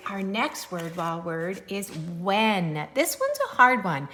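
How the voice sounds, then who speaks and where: Teacher lady spelling words out slow for little kids, kinda singsongy, bright voice. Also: medium pitch, sing-song, slight background noise. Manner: slow, sing-song spelling aloud with playful voices. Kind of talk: recorded sight-word lesson for young children.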